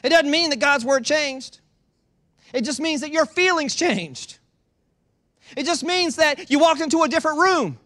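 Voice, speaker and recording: A pastor preaching a sermon, emphatic and repetitive, asking the congregation rhetorical questions and sometimes dropping into quiet asides. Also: male voice, very high-pitched, lively intonation, normal speed, pauses often. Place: church in Georgia.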